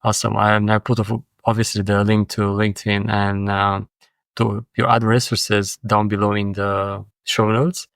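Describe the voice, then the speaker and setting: Low-voiced man hosting an interview. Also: little pitch movement, normal speed, vocal fry, a bit bright, no room sound. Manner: hesitant, uses fillers, thoughtful. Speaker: podcast host. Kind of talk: conversational interview.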